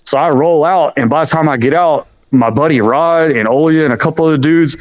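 A man's voice: fairly high pitch, a little fast, no echo, dull audio. A man in his forties, a podcast guest telling a rowdy story in a casual, profane way and calling the listener "bro" again and again. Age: 40s. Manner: animated, profane, keeps saying "bro".

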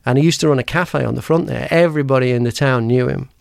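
A man's voice: mid-range voice, quick pace, creaky, a little mellow, no room sound, clean studio sound. A man hosting a podcast, telling personal stories in a rambling way, with lots of restarts and laughs. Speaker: podcast host. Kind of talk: casual chat, personal storytelling.

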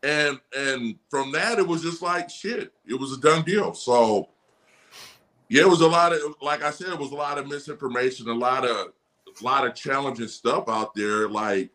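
A man in his forties, a former athlete guest, telling stories in a casual podcast chat, animated, laughing often and swearing freely. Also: mid-range voice, moderate pace. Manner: animated storyteller, frequent laughs and profanity. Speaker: guest, former running back.

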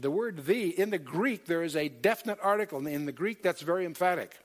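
A man's voice: fairly high pitch, animated, a little fast, few pauses. A man teaching a Bible study lecture, emphatic, quoting scripture in old-fashioned wording, with many fillers and self-corrections. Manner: emphatic, quotes scripture in King James wording.

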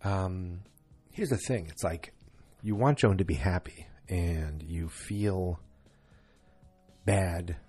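A man's voice: deep voice, slow pace, mellow, husky, faint music behind. A tired man yawning through a chatty, rambling late-night recap of a TV episode, full of fillers.

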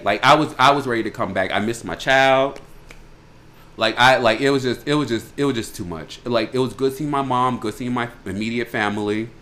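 A man from Chicago co-hosting a podcast, talking in a loud, animated and crude way with quick bursts of laughter. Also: mid-range voice. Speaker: podcast co-host. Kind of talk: casual chat.

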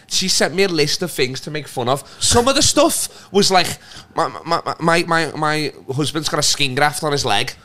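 A man's voice: fairly high pitch, moderate pace, hardly any pauses, pushed and bright. A man, a comedian guest on a podcast, telling a rambling, profane anecdote with lots of restarts. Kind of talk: casual podcast storytelling.

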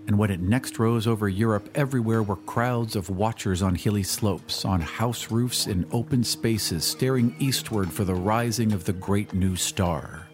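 A man reading a classic story aloud as an audiobook narrator, measured and dramatic. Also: fairly low pitch. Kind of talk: scripted narration.

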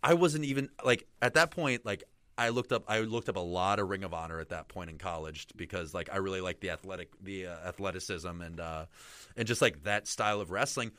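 A man's voice: low-pitched, a little fast, a bit bright, smooth, no echo. A young man, a wrestler guest, telling stories in a casual, rambling way with many fillers. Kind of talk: casual storytelling interview.

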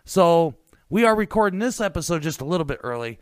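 A man hosting a podcast, chatting casually and sliding into a low, hushed sign-off. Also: animated, fairly quick, smooth. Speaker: podcast host.

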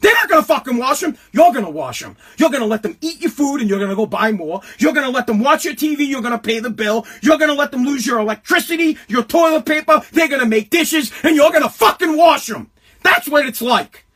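Brief: male host, high husky voice, heated mocking rant, swears constantly, shouts often. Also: expressive, quick pace, few pauses. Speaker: political commentary host. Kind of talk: profane political rant monologue.

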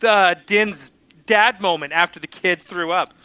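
A man's voice: high-pitched, measured pace, sharp tone, clear, resonant tone. A man in casual chat, wry and joking.

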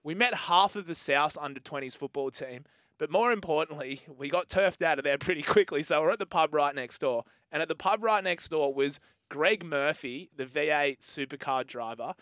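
A man's voice: on the high side, moderate pace, fairly bright tone, no room sound, clean studio sound. A man co-hosting a radio show, rambling through an anecdote. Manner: rambling anecdote, laughs easily. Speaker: radio co-host. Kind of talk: casual radio banter.

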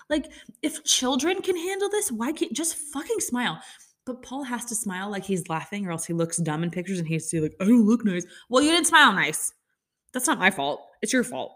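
A woman's voice: medium pitch, a bit bright. A woman in her thirties rants in a loose, chatty way, full of sarcasm and filler words. She sounds like a host talking casually to regular listeners. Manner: chatty, sarcastic ranting with many likes. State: upset stomach. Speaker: podcast host. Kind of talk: casual chat.

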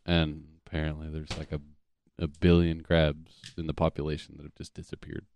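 A man's voice: a bass voice, level tone, a little fast, gravelly, a little mellow, a little hiss or hum. A man of twenty-five, a podcast co-host trading casual, teasing, profane banter over drinks.

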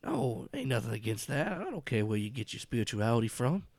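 A man voicing a genial, soft-spoken old man with a quiet menace behind the friendliness, in a tabletop game podcast. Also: mid-range voice, huge pitch swings, fairly quick, no room sound. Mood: friendly.

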